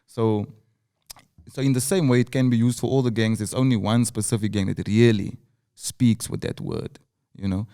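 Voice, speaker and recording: Earnest Cape Town man, dark voice. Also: fairly low pitch, fairly even intonation, normal speed, smooth. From South Africa. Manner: earnest, storytelling, builds in repeated phrases. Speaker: rapper guest. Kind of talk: reflective interview talk.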